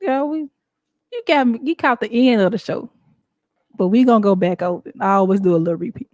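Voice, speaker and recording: A woman hosting a show, talking in a casual, animated and emphatic way with frequent laughs. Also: medium pitch, fast talker, no echo. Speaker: show host. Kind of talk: casual talk-show monologue.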